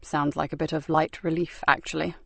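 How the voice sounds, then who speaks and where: A woman voicing a tired, wounded male detective sergeant in a hospital bed, speaking low, slow and weary. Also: flat delivery, gravelly, fairly bright tone, no room sound, exaggerated voice.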